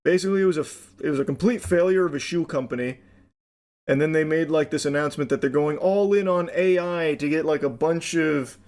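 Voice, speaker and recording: A man with a somewhat higher voice gives sarcastic, casual commentary. He swears now and then and speeds up as he goes. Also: fairly quick, darkish tone.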